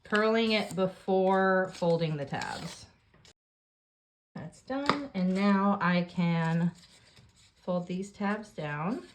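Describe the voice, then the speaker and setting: A woman with a somewhat low voice guides the listener through a paper craft project. She talks calmly and plainly, describing each step while her hands are busy with the work. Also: drawn-out words, pauses often, a little hiss or hum. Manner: calm step-by-step instructions while working. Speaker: craft tutorial host.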